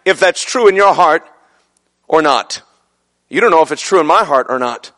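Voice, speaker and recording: A man preaching a fervent sermon, building to shouted peaks. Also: on the high side, expressive, normal speed, pauses often. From son of a Brooklyn man.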